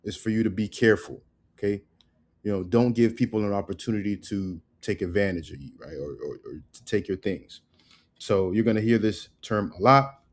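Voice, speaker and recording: A man from the United States giving a casual spoken lesson on slang, relaxed and loose, repeating words slowly and often asking "right?". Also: lowish voice. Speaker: language teacher.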